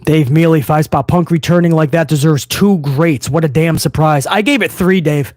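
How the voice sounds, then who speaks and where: A fairly high-pitched man chats excitedly to his viewers on a live stream, casual and profane, tossing in "bro" and "man." The sound is close and dry, with no room around it. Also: normal speed, no echo. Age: older adult fan. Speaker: livestream host reacting to wrestling. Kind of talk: live reaction stream commentary.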